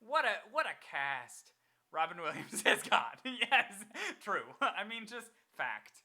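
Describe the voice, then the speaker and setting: Young male co-host, bright tone, loose rambling banter, forgets names. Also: sits high, sing-song, slow. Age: 20s. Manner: rambling, laughs often, searches for names. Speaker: podcast co-host. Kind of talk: casual chat.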